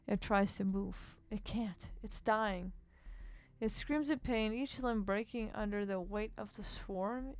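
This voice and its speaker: A woman's voice: medium pitch, clean tone. A woman playing a story game, reading its narration expressively and breaking off for wry comments. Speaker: game streamer.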